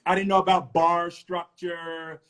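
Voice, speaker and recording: A middle-aged man from Philadelphia, a guest telling animated stories over a casual live video call and laughing often. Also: high voice, unhurried.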